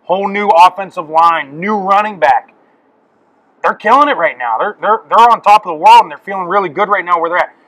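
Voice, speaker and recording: A man co-hosts a casual sports podcast and introduces his guest with real excitement. His voice sits a little high and sounds bright and forward. He asks long, chatty questions. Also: a little fast, poor audio. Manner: hyped, calls guest "brother". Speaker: podcast co-host.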